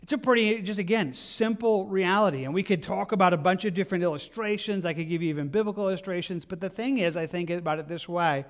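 A man's voice: high-pitched, fast, few pauses. A man preaching a sermon in a conversational way, with many asides and restarts. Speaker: pastor.

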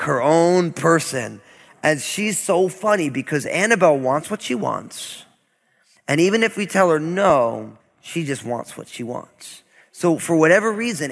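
Male pastor, 30s, raised pitch, conversational storyteller, long hall reverb. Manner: conversational, animated storytelling with asides. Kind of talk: sermon.

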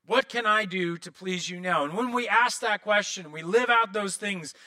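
A man in his thirties preaching a sermon as pastor, animated, often acting out prayers and quotes in other voices. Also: high voice, moderate pace.

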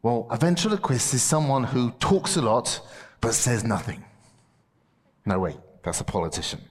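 A man's voice: medium pitch, big pitch swings, moderate pace. A man entertaining children at a camp as a ventriloquist, playful and jokey, mixing gags with encouragement about faith. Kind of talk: lively children's show with preaching. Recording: hall reverb.

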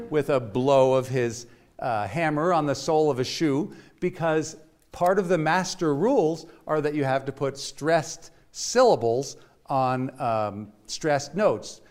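A man's voice: fairly high pitch, expressive, unhurried. A man giving a classroom lecture to a live audience, explaining in a chatty way and walking listeners through examples. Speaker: music lecturer.

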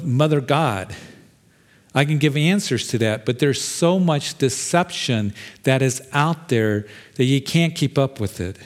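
Man preaching in a conversational way. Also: medium pitch. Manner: conversational preaching, acts out quoted voices. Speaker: pastor. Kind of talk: sermon.

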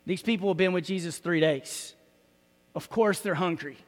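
A man's voice: high voice, normal speed, long reverb tail. A male pastor preaching a sermon in a conversational, emphatic way. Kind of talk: sermon with scripture reading.

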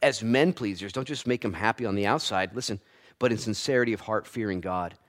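A man preaching a sermon to a church congregation, swinging from loud, rising calls to hushed asides, with playful humor. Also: fairly low pitch, brisk. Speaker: pastor.

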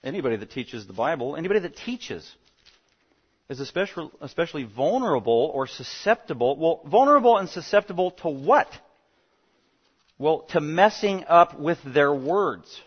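A man preaching an expository sermon, animated and fast-talking, swinging between loud emphasis and quiet asides. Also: on the high side, breathy edge. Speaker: pastor. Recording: dull lo-fi sound.

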